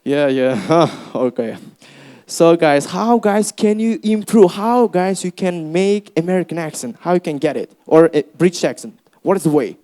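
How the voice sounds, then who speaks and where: A young man with an Uzbek accent teaching a speaking workshop to a class, lively and encouraging, often calling them guys. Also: fairly high pitch, moderate pace. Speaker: English teacher. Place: classroom with students.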